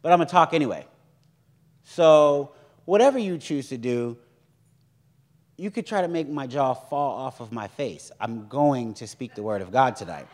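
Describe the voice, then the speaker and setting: A young man preaching a sermon in a lively, joking way, acting out the voices of others. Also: medium pitch, moderate pace.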